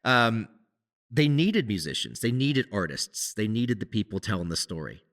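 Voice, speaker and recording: Lively, bright-voiced man on a podcast. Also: lowish voice, moderate pace. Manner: animated, rambling with many restarts and laughs. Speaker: podcast co-host, musician. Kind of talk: casual conversation.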